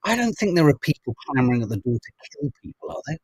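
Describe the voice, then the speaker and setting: Husky-voiced man chatting wryly. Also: mid-range voice, sing-song, quick pace, a little mellow, dry recording, low-quality recording. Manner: chatty, wry, reads out viewer comments. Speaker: podcast host reading the papers. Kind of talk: casual chat.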